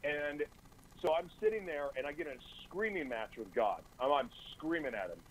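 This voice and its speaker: A man's voice: on the high side, sing-song, normal speed, slight background noise, poor audio. A man as a radio talk show guest, giving an earnest, intense personal testimony in a studio, often stumbling over and repeating his words. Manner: earnest, intense storytelling with stammered restarts.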